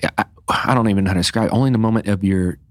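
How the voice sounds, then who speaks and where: A man hosting a faith podcast, responding warmly with short affirmations and calling his guest "bro". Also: on the low side, very fast, no room sound. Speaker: podcast host. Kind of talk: casual faith conversation.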